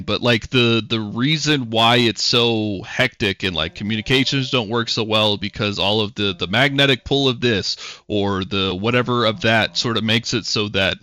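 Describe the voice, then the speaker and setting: A man's voice: lowish voice, pushed and bright, no room sound. A man narrating as game master in a rambling, casual way, swearing often.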